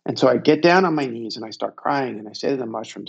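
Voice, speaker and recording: A man in his fifties, a guest telling a personal story in a reflective, unhurried and self-deprecating way. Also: mid-range voice, lively intonation, vocal fry, husky.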